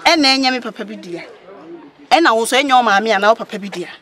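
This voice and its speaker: A woman's voice: fairly high pitch, lively intonation, quick pace, a bit bright, a faint crowd. A woman acting a cheeky young girl who teases in a singsong pidgin. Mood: teasing.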